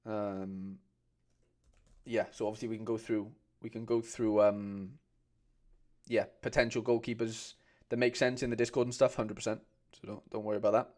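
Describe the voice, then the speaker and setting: A man's voice: on the low side, level tone, moderate pace, a little mellow. A man hosting a casual livestream, chatting with viewers and calling them mate. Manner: chatty, reads out viewer comments, calls people mate. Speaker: host.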